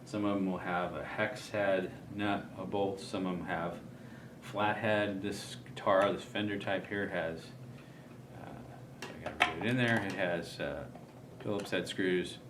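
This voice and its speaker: Man, very deep voice, casual instructional talk, thinks aloud; roomy, noisy recording. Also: a little slow. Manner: relaxed, thinking aloud with many ums. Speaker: guitar player explaining setup. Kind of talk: casual demonstration.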